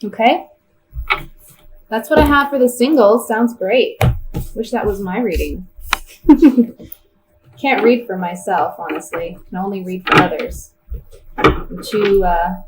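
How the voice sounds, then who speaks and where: A woman's voice: medium pitch, very noisy. A woman giving a tarot reading in a casual, chatty way, thinking aloud as she turns the cards. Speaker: tarot reader.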